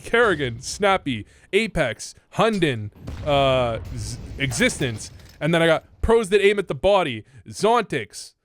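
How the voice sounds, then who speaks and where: A man's voice: fairly high pitch, very animated, a little slow, fairly bright tone, dry recording. A young man from Canada giving casual, rambling commentary while reviewing gameplay, swearing and using lots of fillers. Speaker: gaming content creator. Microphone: desk microphone.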